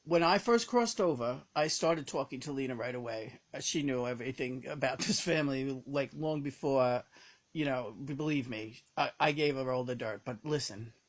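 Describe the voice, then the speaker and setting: A woman channeling the spirit of a dead uncle, gossipy and crude with casual swearing. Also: moderate pace. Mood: chatty. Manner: gossipy, swearing, low-key. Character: deceased uncle's spirit, older man, chatty and crude.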